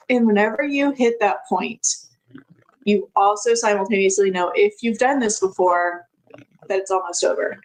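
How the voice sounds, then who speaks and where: A woman's voice: medium pitch, moderate pace, rough recording. Woman, podcast guest, casual storytelling, chatty, frequent laughter, many fillers.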